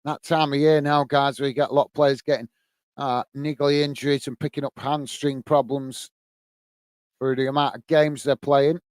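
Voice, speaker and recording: Hosting a live football watchalong, this man from England speaks at medium pitch with a flat delivery and normal speed, in a dry recording. He's casual and chatty, commentating on play and calling viewers mate and guys.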